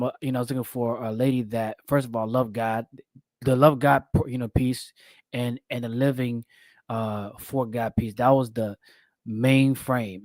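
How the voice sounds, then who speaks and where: A man's voice: medium pitch, no echo. A man co-hosting a casual podcast, talking earnestly and often stammering and repeating words. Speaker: co-host.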